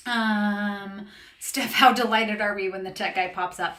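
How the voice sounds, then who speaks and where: Woman author, mid-pitched, hosting a laid-back book live stream, chatty, reads blurbs aloud, roomy echo. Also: fairly even intonation, measured pace, bright, forceful tone. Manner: chatty, laughs often, greets viewers by name. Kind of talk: casual live-stream chat.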